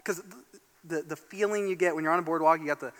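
A man from Northeast Indiana preaching a sermon as pastor, telling a story in an animated, excitable way. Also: a little high, quick pace. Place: church sanctuary. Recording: long church hall reverb.

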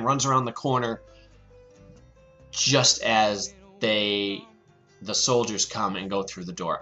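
A man's voice: fairly low pitch, pushed and bright. A middle-aged man hosting a podcast, chatting casually and enthusiastically as he recaps an episode, often repeating phrases of delight. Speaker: podcast host.

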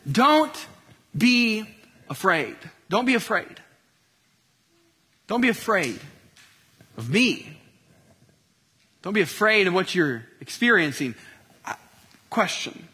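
High, bright-voiced young man preaching. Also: breathy edge. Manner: conversational, many restarts and fillers. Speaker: pastor. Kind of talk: casual sermon.

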